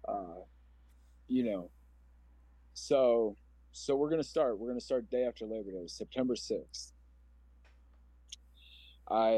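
An earnest man in his forties from Omaha, Nebraska, shares his story as a podcast guest, rambling and emotional as he goes. His voice is warm and mellow. The sound is dry, with no room echo. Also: mid-range voice. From Omaha, Nebraska, USA. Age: 40s. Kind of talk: personal storytelling interview.

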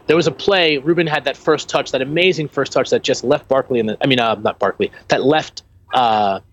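A man co-hosting a casual football podcast, talking in an animated, rambling way with many restarts. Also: mid-range voice, brisk. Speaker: podcast co-host.

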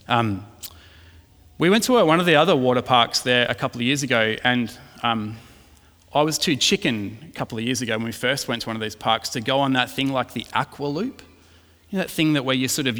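Middle-aged preacher in a hall. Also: male voice, medium pitch, a bit bright. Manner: chatty, self-deprecating storytelling that turns earnest. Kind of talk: sermon with personal anecdote. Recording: long reverb in a hall.

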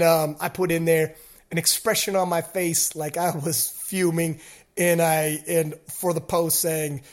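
High-voiced excitable podcast host, a man. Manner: animated storytelling, acts out shouted quotes; swears freely. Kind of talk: casual chat.

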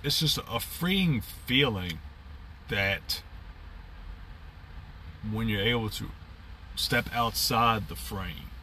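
Bright-voiced man musing off-mic. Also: fairly low pitch, animated, extremely slow, long pauses, recorded from a distance, a little hiss or hum. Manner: rambling, upbeat, with frequent fillers and restarts. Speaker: podcast host. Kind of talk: casual reflective monologue.

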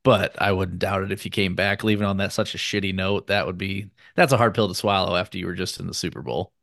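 A man with a lowish voice co-hosts a casual sports podcast. He is easygoing and chuckles often. His voice sounds dry and close. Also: fairly even intonation, quick pace, vocal fry, fairly bright tone, no echo. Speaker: podcast co-host. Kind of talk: casual chat.

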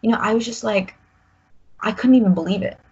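A woman's voice: on the high side, a little fast, dark tone, breathy edge. A woman in her twenties telling a personal story, rambling with many "like"s and restarts. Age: 20s. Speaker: guest sharing a personal story. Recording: slightly muffled recording.

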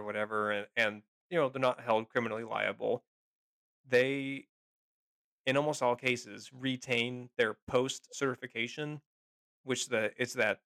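Male podcast co-host, gravelly, sarcastic and profane, close and dry. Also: mid-range voice, bright, forceful tone, dry recording. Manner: profane, sarcastic, laughs often. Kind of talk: casual chat.

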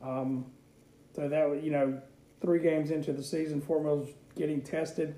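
Male co-host, slightly higher pitch, very warm dark tone, echoey room; loose, chatty game recaps. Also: level tone, unhurried. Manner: chatty, rambling recaps with many fillers. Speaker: sports talk co-host. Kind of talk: casual radio sports chat.

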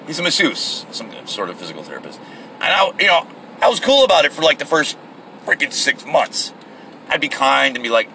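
A bright, forceful man's voice, talking his way through a long rambling tale in a casual solo podcast. He is middle-aged and slips into mock voices for the people he quotes. Faint traffic and air conditioning hum sit behind him in the car. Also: mid-range voice, very animated, a little fast, creaky, rough recording. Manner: rambling storyteller, acts out exchanges with mock voices. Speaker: podcast host. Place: in a car, at a gas station.

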